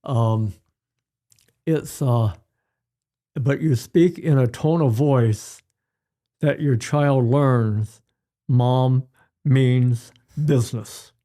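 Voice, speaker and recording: An older man, a pediatrician guest, telling stories in an unhurried way and repeating his key phrases during an interview. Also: mid-range voice, warm tone. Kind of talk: conversational interview.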